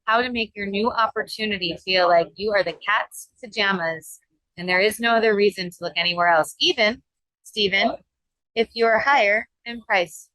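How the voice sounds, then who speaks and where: A woman's voice: mid-range voice, moderate pace, bright, forceful tone, no room sound, rough recording. A woman co-hosting a podcast in casual, playful banter, recorded between sessions at a conference. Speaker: podcast co-host.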